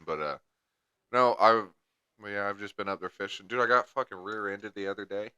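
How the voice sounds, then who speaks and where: A young man in casual podcast chat, rambling and crude, swearing through a long story. His voice sits a little low but comes across bright and forceful. The sound is dry and close. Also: a little fast, clear, resonant tone, no echo, muffled recording. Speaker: podcast co-host.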